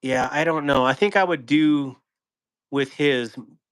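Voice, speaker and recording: A man's voice: mid-range voice, unhurried, clean tone. A man hosting a casual livestream chat, laughing often and reading viewer comments aloud. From Wyoming. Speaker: host.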